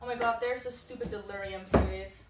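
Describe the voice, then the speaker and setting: A woman's voice: mid-range voice, fairly even intonation, a little fast, reverberant, heavy background noise. A young woman chatting casually as a book vlogger, bubbly and chatty with dramatic exclamations, recorded in her bedroom. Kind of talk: casual vlog chat.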